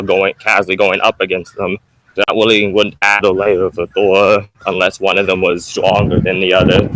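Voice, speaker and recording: Young male debater, low voice, argumentative and rambling, dry close sound. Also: sharp tone, no room sound, poor audio. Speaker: debate opponent. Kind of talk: casual online debate.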